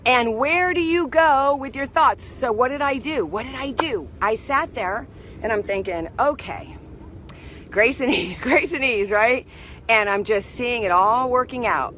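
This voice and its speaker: A woman with a fairly high, sharp voice hosts a live stream, chatting through a rambling personal story and greeting viewers as they join. There's a little hiss or hum in the audio.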